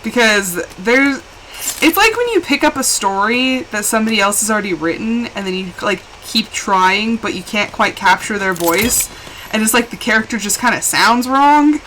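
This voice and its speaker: Woman game streamer, fairly high voice with a very lively pitch, rambling casual chat from a home setup, faint room hiss. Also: poor audio. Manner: chatty, rambling, quick to laugh; animated, jumps between hushed asides and excited bursts. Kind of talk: casual live-stream chat while playing.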